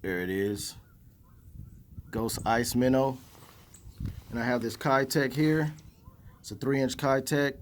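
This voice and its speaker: A man's voice: mid-range voice, fairly even intonation, slow, long pauses, slight background noise. A man, chatting to viewers in a self-mocking way while fishing by a river in a snow storm. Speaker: fishing vlogger. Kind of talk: casual outdoor vlog talk.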